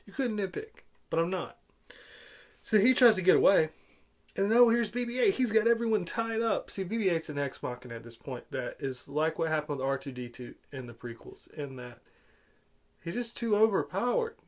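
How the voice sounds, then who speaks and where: A man giving an exasperated, sarcastic film review rant, swinging between loud outbursts and low muttering. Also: animated, normal speed. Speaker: movie reviewer.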